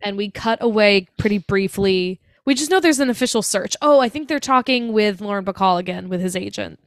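A woman's voice: mid-range voice, brisk, no echo. A young woman co-hosting a podcast, recapping a movie in casual chat, acting out the characters' lines and laughing often. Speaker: podcast co-host.

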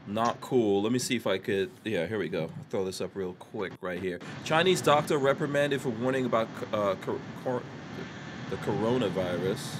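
A man's voice: on the low side, moderate pace, noisy background. A man hosting a live podcast in casual chat, reading out viewer comments and reacting. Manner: reads viewer comments aloud. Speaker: podcast host.

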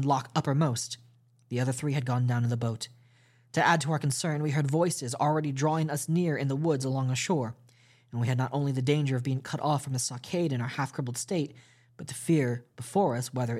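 A man narrating a classic adventure novel aloud at a steady, measured pace, with small restarts. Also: mid-range voice. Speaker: podcast host reading a novel aloud. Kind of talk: audiobook storytelling narration.

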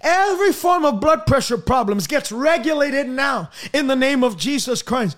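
High pitched guy preaching, fervent healing prayer, lists everything out. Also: expressive, normal speed, a bit bright. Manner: fervent, declaring in repeated lists.

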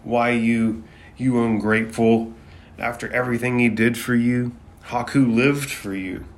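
A man voicing a hot-headed young ninja boy from an anime, yelling his lines indignantly. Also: mid-range voice, steady tone, measured pace, slight background noise, close to an everyday voice. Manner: shouting, indignant.

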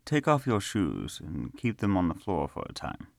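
A man voicing a calm, smiling young man bound by magic to a stone floor, speaking softly and pleasantly. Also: sits low, moderate pace, creaky, no echo, studio quality, full character voice. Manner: soft, pleasant and reassuring. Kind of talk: storybook character reading.

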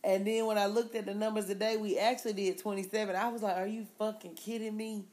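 A young woman co-hosting a casual podcast, telling stories loudly with lots of laughter and profanity. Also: medium pitch, flat delivery, quick pace. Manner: loud, laughing, profane storytelling. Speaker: podcast co-host. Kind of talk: casual chat.

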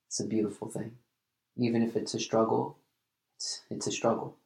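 A man talks earnestly on his podcast in a low-key, fairly flat voice with a gravelly edge. He stops and restarts his sentences often, as if searching for the words. The sound is echoey, as if recorded in a bare room. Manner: earnest, halting with repeated restarts. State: emotional at times. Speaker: podcast host. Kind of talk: reflective solo podcast monologue.

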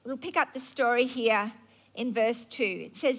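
A woman's voice: a little high, expressive, unhurried, pauses often, a bit bright. A woman preacher telling a Bible story in a sermon, conversational and wry.

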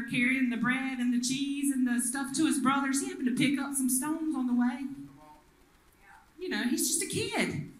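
A woman's voice: high-pitched, fairly bright tone, reverberant, a little hiss or hum, poor audio. A woman pastor, preaching a sermon and retelling the story with acted voices. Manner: storytelling, acts out the quoted people.

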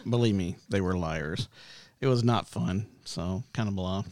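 A man's voice: low voice, a little slow, a little mellow. A man with a Texan accent, hosting a casual chat and telling a rambling story full of restarts. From Texas. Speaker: podcast host.

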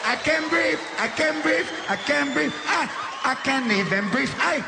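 A man's voice: extremely high pitch, animated, a little slow, creaky, a loud crowd, heavy background noise, pitched above the performer's own voice, exaggerated voice. A man voicing a middle-aged uncle who moans and whines that he cannot breathe. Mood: moaning. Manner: whining, moaning.

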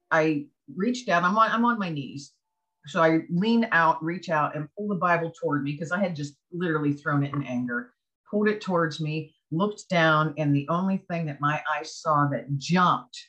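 A woman's voice: sits low, fairly bright tone, muffled recording. A woman as an interview guest, telling her personal faith testimony earnestly and acting out her own past thoughts as she goes.

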